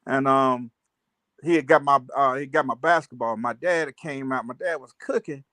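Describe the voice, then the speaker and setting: A man casually telling childhood stories on a livestream, animated and laughing, full of slang. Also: medium pitch, moderate pace, dry recording. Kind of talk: casual storytelling chat.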